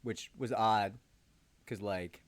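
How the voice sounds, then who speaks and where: A man's voice: fairly low pitch, fairly even intonation, slow. A man who hosts a legal channel, telling a story casually with rambling, sarcastic asides and frequent ums. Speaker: lawyer host.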